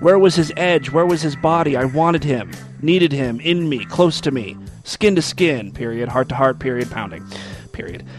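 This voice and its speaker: A man's voice: a little high, normal speed, faint music behind. Sarcastic man reading aloud. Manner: sarcastic, wisecracking, laughs at the text. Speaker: host. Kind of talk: comedic reading with mocking commentary.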